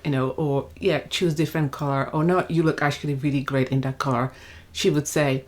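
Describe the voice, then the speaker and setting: Chatty woman with a lowish voice. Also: brisk. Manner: chatty, acts out quoted lines, non-native grammar. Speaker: parenting vlogger, stepmom and mom. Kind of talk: casual talk to camera.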